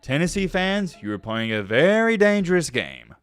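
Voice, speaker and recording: A man giving energetic solo sports commentary, talking emphatically and directly to his viewers. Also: on the high side, normal speed, smooth, dry recording, soft background music.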